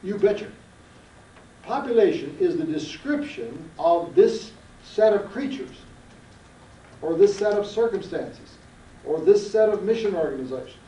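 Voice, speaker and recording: A man lectures a seminar in a folksy, emphatic way and keeps firing questions at the class. His voice sits a little high but sounds mellow and soft-edged. He is caught from well back in an echoing classroom on an old archival tape. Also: lively intonation, unhurried, far from the mic, a little hiss or hum. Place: lecture room.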